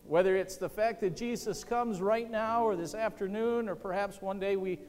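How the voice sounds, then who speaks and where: A man's voice: sits high, normal speed. Impassioned male pastor in a reverberant hall. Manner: impassioned, swings between loud and hushed. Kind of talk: sermon.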